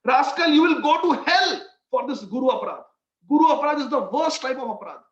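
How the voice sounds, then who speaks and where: A man voicing a furious elderly male guru who shouts and scolds a disciple. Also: very high-pitched, expressive, fast, voice pushed up. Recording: echoey, dull sound.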